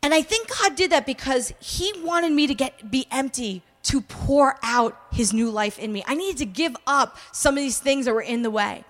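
High-voiced New woman telling her story. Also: moderate pace, few pauses. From New York. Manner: animated, acts out quoted voices, frequent "all right?" asides. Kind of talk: personal testimony, storytelling.

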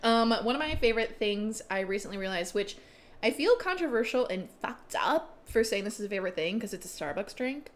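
Young female podcast co-host, casual and rambling, lively pitch. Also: a little fast. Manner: giggly, rambling, lots of "like". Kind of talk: casual chat.

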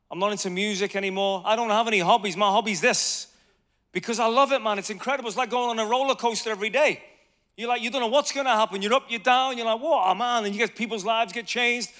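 A man in his thirties preaching a conversational sermon on evangelism, telling lively stories and asking the audience questions. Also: high-pitched.

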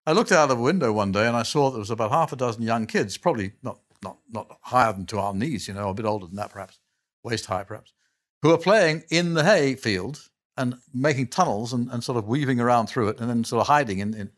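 An older man, a guest on an interview, telling long anecdotes in a lively, chuckling way and often restarting his sentences. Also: medium pitch, quick pace. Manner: animated, chuckling storyteller who trails off and restarts. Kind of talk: anecdotal storytelling in a casual interview.

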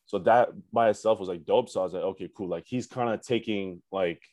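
Young man, from Canada, slang-heavy relaxed chat, low voice, dry recording. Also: fairly quick, no echo. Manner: laid-back slangy talk with many fillers and profanity. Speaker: musician guest. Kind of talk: casual storytelling chat.

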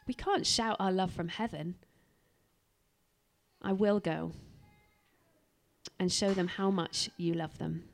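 Woman preacher reading Jesus: resolute, loving adult man, earnest and emphatic, slight fry. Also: medium pitch, a little mellow.

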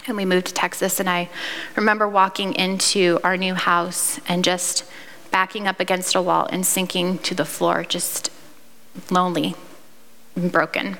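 A woman in her thirties from Iowa tells her own testimony, candid and earnest, with a bright, forceful voice. Her words ring out with a long reverb, as if from a large hall. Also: on the low side, flat delivery, normal speed. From Iowa, United States. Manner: earnest, candid storytelling with fillers and restarts. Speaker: speaker sharing a personal testimony. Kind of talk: personal testimony.

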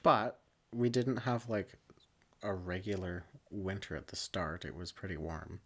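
A young woman in relaxed casual chat, laughing a lot. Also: extremely low pitch, unhurried. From Saskatchewan, Canada.

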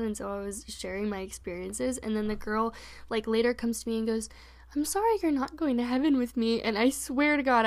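A young woman co-hosting a podcast, telling personal stories in a candid, animated casual chat full of fillers. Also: medium pitch. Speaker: podcast co-host.

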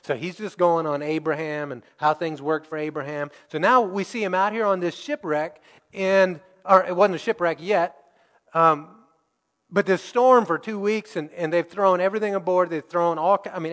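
A man's voice: high voice, normal speed, fairly bright tone, big-room sound. A man preaching a sermon and teaching verse by verse, with strong emphasis.

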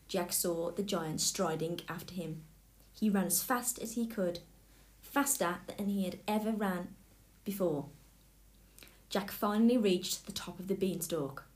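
Female narrator, mid-range voice, expressive fairy-tale reading. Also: mid-range voice, a little slow. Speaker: storybook reader.

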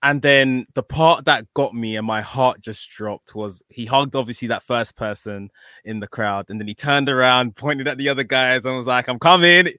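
A man hosting a podcast in casual chat, emotional and gushing, repeating words when excited. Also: mid-range voice, moderate pace, no echo, studio quality. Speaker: podcast host.

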